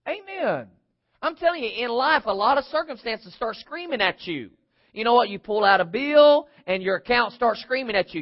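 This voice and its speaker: A man preaching a sermon, acting out the voices of his story, swinging from shouts down to near whispers. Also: extremely high pitch, lively intonation, normal speed. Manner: acts out crowd voices in his telling. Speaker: pastor. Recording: dull lo-fi recording.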